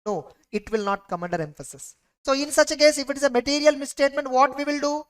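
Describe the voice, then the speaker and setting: A woman lecturer with an Indian English accent, her voice sitting a little high. She teaches an exam revision class emphatically, repeating points and checking understanding with quick questions. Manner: emphatic, drills students with repeated rhetorical questions. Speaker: audit lecturer.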